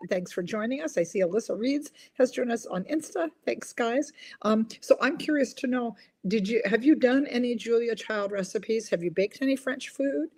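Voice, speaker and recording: A woman's voice: fairly high pitch, normal speed, hardly any pauses, darkish tone. An older woman hosting a casual live interview over a video call, chatty and self-deprecating, reading out viewer comments. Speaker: host.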